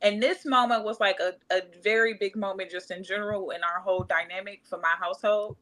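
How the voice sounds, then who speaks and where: A young woman from Cleveland telling a personal story in casual conversation, animated and often acting out what people said. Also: mid-range voice, brisk, low-quality recording. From Cleveland, Ohio. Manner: animated, acts out quotes, laughs often. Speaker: podcast guest.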